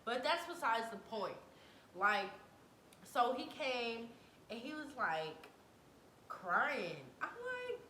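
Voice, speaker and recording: A young adult woman telling a personal story to camera in a dramatic, animated way, full of slang. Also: takes it slowly, pauses often. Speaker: vlogger. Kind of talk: storytime vlog. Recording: echoey room, faint rumble.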